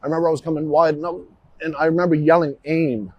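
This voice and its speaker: A man, a police officer, outdoors recounting events to investigators in a hurried, halting way with many restarts. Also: a little high, level tone, muffled recording. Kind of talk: recounting events under questioning. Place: outdoors at a roadside scene.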